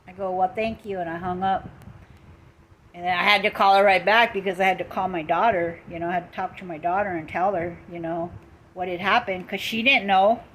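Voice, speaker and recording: A woman's voice: fairly low pitch, fairly even intonation, brisk, a bit bright, a little hiss or hum, poor audio. A middle-aged woman on a casual live stream, retelling an upsetting story in an indignant, emphatic way, with lots of repetition.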